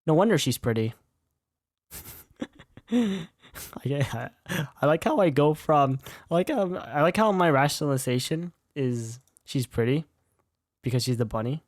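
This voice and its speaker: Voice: mid-range voice, expressive, a little slow, long pauses, no echo, clean studio sound. A streamer casually commenting on a game they are playing, swearing often, rambling and calling themself an idiot. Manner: swearing, rambling, self-deprecating.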